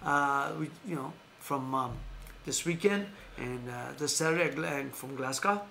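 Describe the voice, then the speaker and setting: The host's voice is mid-range and gravelly, paced in a measured way, captured in a roomy space with a noisy background. He runs a live stream of casual boxing news talk, rambling, restarting and correcting himself, and laughing a lot.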